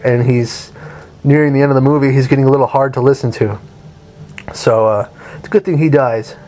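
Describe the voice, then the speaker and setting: A man's voice: mid-range voice, darkish tone. A young man giving a rambling, enthusiastic spoken movie review, swearing casually as he goes.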